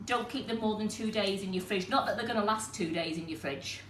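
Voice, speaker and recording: A woman's voice: medium pitch, a little fast, a bit bright. Chatty woman teaching a cooking demo. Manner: chatty, explains step by step to viewers. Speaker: cooking demonstrator and host. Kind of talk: live cooking demonstration. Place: kitchen. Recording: echoey kitchen with faint noise.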